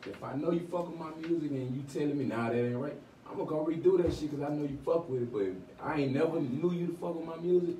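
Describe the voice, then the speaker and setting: A rapper rattles off answers quickly in loose street slang. His voice sits on the low side. He sounds distant in an echoey room, with a faint hiss under him. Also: mellow. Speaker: rapper guest. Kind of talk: casual interview.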